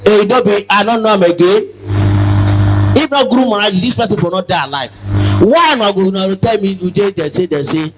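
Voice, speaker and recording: A man with a Nigerian Pidgin accent giving a spoken testimony as a devotee, telling his story in an animated way, acting out the dialogue and sometimes chanting. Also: high-pitched, fast talker, background noise. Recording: loud music in background.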